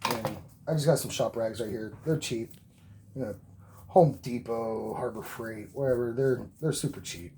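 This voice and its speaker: Soft-voiced, encouraging man painting. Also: mid-range voice, moderate pace. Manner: encouraging, repetitive, talks to viewers while painting. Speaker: painting instructor. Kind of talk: relaxed painting tutorial. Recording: faint background noise.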